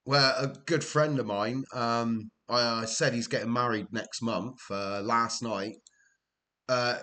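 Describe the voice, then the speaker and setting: Older guy streaming football manager, rambly and chuckly, mid pitch voice. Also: animated, normal speed, a bit bright. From Wales. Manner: rambling and chatty, chuckles often. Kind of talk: casual live-stream chat with viewers.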